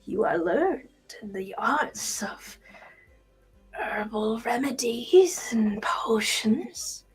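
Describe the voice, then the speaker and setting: A cagey male potion-seller voiced by a woman hovers in whispered role-play, his words trailing off into mumbles. The voice sits a touch high, hushed and private, as if he only half means you to hear. Soft music plays faintly beneath. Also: lively intonation, drawn-out words, breathy edge, exaggerated voice, poor audio. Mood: awed. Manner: mutters to himself under his breath. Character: mumbling male alchemist shopkeeper, secretive.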